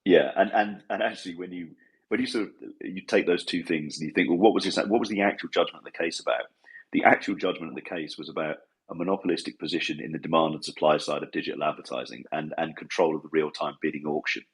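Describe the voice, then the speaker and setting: A man's voice: extremely low pitch, quick pace, husky, poor audio. A man chatting on a podcast, talking hesitantly with frequent restarts. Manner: hesitant, many restarts and fillers. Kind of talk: casual podcast chat.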